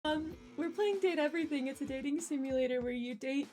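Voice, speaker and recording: Woman, young adult, live streamer, chatty, rambling, a bit high-pitched. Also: brisk, darkish tone, soft background music. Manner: chatty and rambling, laughs often. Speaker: game streamer. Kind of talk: casual live-stream chat.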